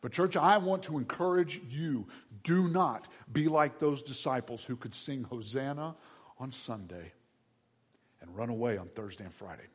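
Husky, animated male pastor. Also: mid-range voice, moderate pace. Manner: animated, swings between hushed and loud emphasis. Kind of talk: children's sermon.

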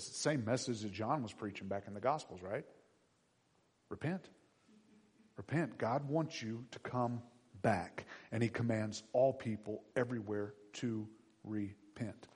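A man preaching a sermon as pastor, animated and conversational, acting out voices of people in the story. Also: fairly low pitch, normal speed, slightly rough.

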